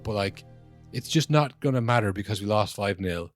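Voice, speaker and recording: A man's voice: lowish voice, lively intonation, a little fast, soft background music. A man in his twenties or thirties, co-hosting a podcast, ranting casually about football refereeing with lots of swearing and restarts. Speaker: podcast co-host.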